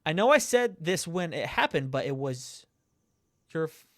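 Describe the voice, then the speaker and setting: Chatty gamer guy, slightly high voice. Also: big pitch swings, moderate pace, fairly bright tone, no room sound, clean studio sound. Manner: chatty, reacts aloud with laughs and swearing. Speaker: let's play gamer. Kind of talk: gameplay commentary, reading chat messages aloud.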